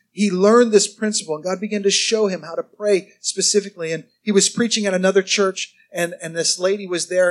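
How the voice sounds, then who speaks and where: A man preaches a sermon in a high, bright-toned voice. He talks conversationally and with humor, often quizzing his congregation. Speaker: pastor.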